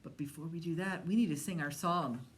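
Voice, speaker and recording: A woman hosting a library storytime, talking slowly and gently to young children as she tells fables. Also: low-pitched. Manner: slow, gentle and animated, talking to young kids. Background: autoharp she plays before the story.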